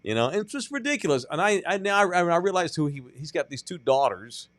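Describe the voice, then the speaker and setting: A man co-hosting a casual sports podcast, an animated storyteller. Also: a little high, quick pace, no echo, clean studio sound. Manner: animated storyteller, acts out quotes loudly. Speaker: podcast co-host.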